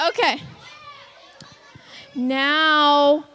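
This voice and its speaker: A woman with a high voice leads a children's church lesson. She talks in an upbeat, coaxing way and calls out countdowns for the kids. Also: moderate pace, a bit bright. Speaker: children's ministry leader. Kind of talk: leading a kids' church lesson.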